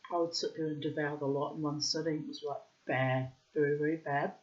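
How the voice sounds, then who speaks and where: Speaking a little fast in a low voice with fairly even intonation, a vlogger delivers a frank, rambling monologue of personal stories, swearing freely throughout. The recording has a slightly dull, lo-fi quality.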